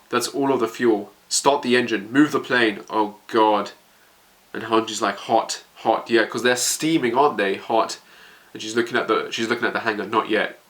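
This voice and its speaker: A man's voice: lowish voice, a bit bright. A man emotionally reacting as he reads a manga chapter aloud, stammering and narrating what happens.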